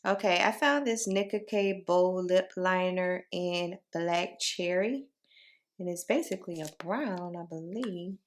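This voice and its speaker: Chatty woman, low morning voice. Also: a little slow. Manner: chatty, addresses viewers as y'all. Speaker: beauty vlogger. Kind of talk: casual makeup tutorial chat.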